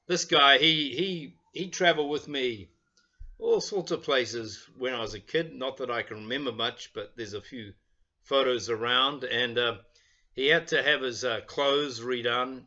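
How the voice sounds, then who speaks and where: An older man, a minister, giving a chatty children's talk from his home porch, pausing often with little fillers. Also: mid-range voice, lo-fi sound. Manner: warm, chatty, halting with fillers. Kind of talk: children's talk with storybook reading.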